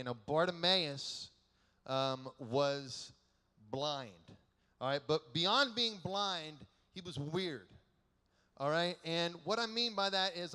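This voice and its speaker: A male keynote speaker preaching to a youth conference, animated and playful, acting out the people in his stories. His voice sits a bit high, and a long echo from a large hall trails each phrase. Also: clean tone. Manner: animated, joking storyteller who acts out quotes.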